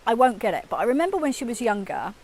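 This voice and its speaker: A woman's voice: a little high, big pitch swings, quick pace, a little mellow. A woman in her fifties, a communication coach, talking casually to camera and acting out her own inner voice. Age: 50s.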